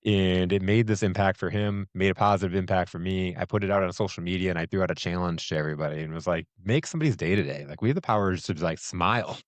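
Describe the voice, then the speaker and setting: Host, middle-aged man, deep low voice, dry close sound, rambling storyteller with fillers. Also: fairly even intonation, fast talker, few pauses, no room sound. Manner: storytelling with laughs and many fillers. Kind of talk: casual conversation.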